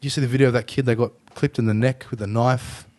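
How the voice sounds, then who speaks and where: An Australian man hosting a podcast, chatting casually and telling animated stories, swearing freely. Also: mid-range voice, fast. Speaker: podcast host. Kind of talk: casual chat.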